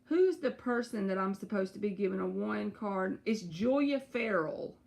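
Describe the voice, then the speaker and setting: A woman, giving tarot readings on a live stream and chatting to her viewers in an animated, storytelling way. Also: mid-range voice, normal speed, vocal fry. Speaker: tarot reader.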